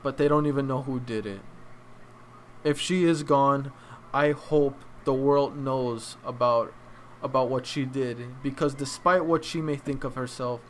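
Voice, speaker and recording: A young man hosting an anime review, choked up and crying, talking in a heartfelt, halting way with many restarts. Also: mid-range voice, a little hiss or hum. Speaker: anime reaction channel host. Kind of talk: emotional casual review.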